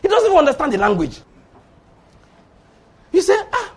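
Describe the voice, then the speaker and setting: Preaching a sermon at a moderate pace, a man with a very high-pitched voice swings widely in pitch. He emphatically exhorts his congregation, using tag words like "oh," and mixes in playful story asides.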